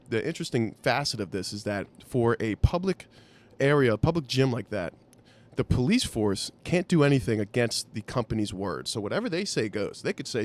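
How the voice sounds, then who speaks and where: A man hosting a podcast, telling a wry anecdote in an animated, profane way. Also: medium pitch. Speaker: podcast host. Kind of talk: storytelling anecdote.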